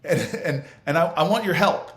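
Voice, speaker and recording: A man, a senator and interview guest, telling a lively anecdote with laughter and vivid scene-setting. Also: a little high, moderate pace, roomy sound. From United States. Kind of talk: animated anecdotal storytelling.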